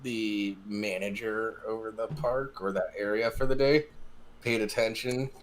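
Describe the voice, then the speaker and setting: A man's voice: fairly low pitch, steady tone, a little slow. A man co-hosting a podcast, chatting in a laid-back, agreeable way and sharing bits of trivia. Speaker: podcast co-host. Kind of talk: casual chat.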